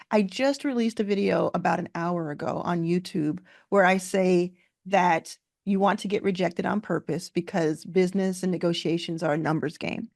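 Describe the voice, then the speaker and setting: A woman host with a gravelly edge to her voice talks business in a casual way. She is quick and affirming. The sound is dry and close. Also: lowish voice, a little mellow, no echo. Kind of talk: casual conversation.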